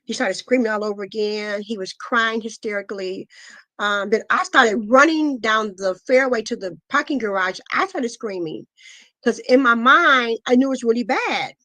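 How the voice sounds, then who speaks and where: A middle-aged woman giving a guest interview, telling a painful personal story in an earnest, halting way full of pauses and fillers. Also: fairly high pitch, a bit bright, no echo. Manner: earnest, intense retelling. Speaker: guest, asthma foundation founder. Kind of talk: emotional personal testimony.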